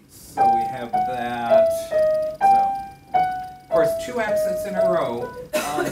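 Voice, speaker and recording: Against a noisy background, a medium-pitched middle-aged man delivers a thoughtful classroom lecture as a music professor. He leans on fillers and self-corrections, and the recording is roomy and distant, with a piano in the room.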